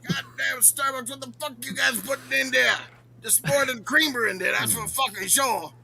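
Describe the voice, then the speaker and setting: A gravelly, shouting foul-mouthed crank. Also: male voice, very high voice, fairly even intonation, normal speed, faint music behind, full character voice. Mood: ranting. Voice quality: dry, gravelly voice. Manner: shouting, profane, boastful rants. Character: crude loudmouth older man ranting, foul-mouthed. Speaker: regular show character answering questions. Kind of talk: comedic podcast character bit.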